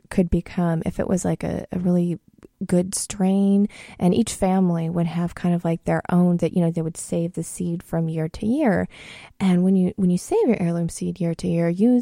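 Warm, gravelly middle-aged woman. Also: fairly low pitch, no echo, studio quality. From Washington State, USA. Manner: homey, rambling, with many fillers and restarts. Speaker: home gardener. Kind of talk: casual storytelling monologue.

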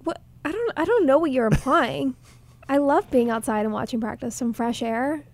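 A woman's voice: sits high, expressive, normal speed. A woman hosting a sports podcast, chatting playfully and laughing easily with her co-hosts. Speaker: podcast host. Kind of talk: casual sports chat.

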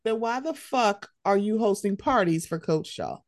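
A woman's voice: medium pitch, expressive, normal speed. A woman co-hosting a casual gossip chat, blunt and profane, often slipping into mocking impressions of others. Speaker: podcast co-host.

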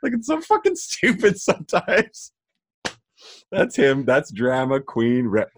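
A man's voice: medium pitch, wildly swooping pitch, unhurried, a little hiss or hum. A man co-hosting a podcast in casual, laid-back chat about a TV show. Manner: laid-back, laughs along. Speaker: podcast co-host.

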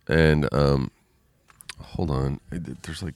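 Man, very low voice, smooth and resonant, rambling casual storytelling, many fillers. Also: a little slow, no echo.

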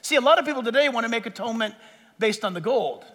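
A man preaching a sermon as pastor, impassioned, swinging from shouts to hushed asides and acting out quoted voices. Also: extremely high pitch, lively intonation, fast talker, big-room sound.

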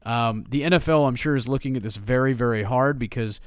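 A man's voice: medium pitch, fairly quick, clear, resonant tone, dry recording, clean studio sound. A man co-hosting a casual sports podcast, chatty and opinionated as he breaks down draft prospects. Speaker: podcast co-host, draft analyst.

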